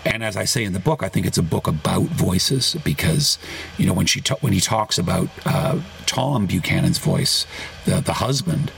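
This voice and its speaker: Gravelly-voiced man, rambling author. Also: sits low, moderate pace, a little hiss or hum. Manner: rambling, self-correcting, animated. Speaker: author guest. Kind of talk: podcast conversation.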